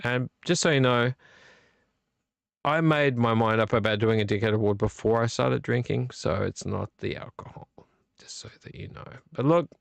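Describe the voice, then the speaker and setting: A man's voice: mid-range voice, normal speed, gravelly, dry recording. A man hosting a late-night live vlog, a bit tipsy from beer, rambling and blunt and swearing freely. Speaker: livestream host.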